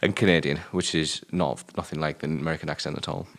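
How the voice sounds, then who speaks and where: Deep-voiced british guy gabbling fast about films, laid back, drops f-bombs. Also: steady tone, creaky. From Britain. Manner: swears casually, rambling and offhand. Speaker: film review show co-host. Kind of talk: casual film discussion.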